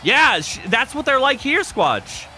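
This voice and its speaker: A man's voice: very high-pitched, very animated, unhurried, sharp tone, faint music behind. A man hosting a live game stream, commentating matches and chatting with viewers in a loose, laughing, foul-mouthed way.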